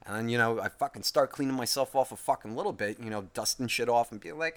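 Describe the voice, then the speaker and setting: A man's voice: mid-range voice, fast, few pauses, fairly bright tone. A man telling a rambling everyday story in a casual comic monologue, swearing heavily. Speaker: host.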